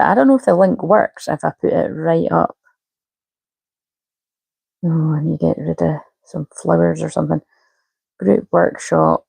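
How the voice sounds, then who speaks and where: A woman's voice: deep voice, a little slow, gravelly, pauses often, mellow, breathy edge, no room sound, poor audio. A woman, a spiritual coach chatting casually on a live stream and muttering to herself while she fiddles with settings.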